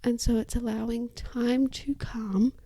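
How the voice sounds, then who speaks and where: A woman with a dark, mellow voice that carries a gravelly edge of fry, explaining as an occupational therapist on her podcast. She speaks calmly and deliberately, and her phrases keep fading into breathy near-whispers. The sound is close and dry. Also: on the high side, no room sound. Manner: calm, measured, phrases trailing into breathy whispers. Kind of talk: educational podcast talk. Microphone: microphone.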